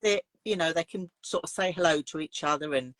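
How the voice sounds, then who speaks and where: A woman's voice: deep voice, brisk, fairly bright tone, dry recording. A woman, a craft teacher chatting in an interview and explaining her retreats in chatty detail. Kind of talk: casual interview chat.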